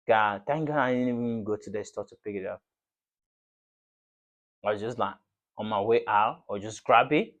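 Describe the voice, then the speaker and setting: A man hosting his football fan channel, delivering a passionate, repetitive reaction rant to the camera in slangy everyday speech. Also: fairly low pitch.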